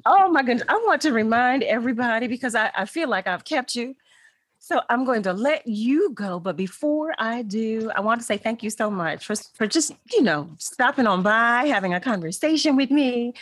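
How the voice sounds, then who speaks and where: A breathy woman with a fairly high voice hosts a relaxed interview, chatting and poking fun at herself as she tells a story. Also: moderate pace, no echo. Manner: chatty, self-mocking storyteller. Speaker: interview host. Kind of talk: casual interview chat.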